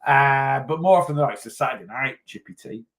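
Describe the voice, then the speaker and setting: A man's voice: mid-range voice, brisk, a bit bright. A man, a weight loss coach chatting casually on a livestream, rambling and answering viewer comments as he goes. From North West England.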